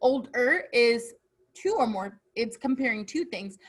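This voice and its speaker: A woman's voice: fairly high pitch, expressive, measured pace, breathy edge. A woman teaching a children's phonics lesson, patiently asking questions and answering them herself.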